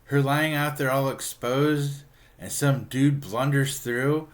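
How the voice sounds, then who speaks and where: An earnest teenage boy who frets and warns in an anxious way, as a man puts him on. His voice is pitched a little higher than the man's own. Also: lively intonation, normal speed, a bit bright, natural voice.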